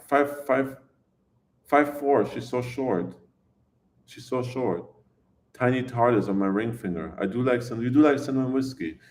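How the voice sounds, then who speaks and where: A man chatting casually on a live stream, rambling and oversharing as he answers his viewers' questions and laughs often. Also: medium pitch.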